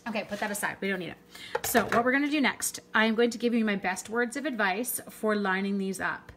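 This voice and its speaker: A middle-aged woman from Canada walks through a card-making project live, chatty and upbeat. She chats with viewers by name between steps. Her voice sits at an ordinary mid pitch. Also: brisk, a bit bright. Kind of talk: live craft tutorial.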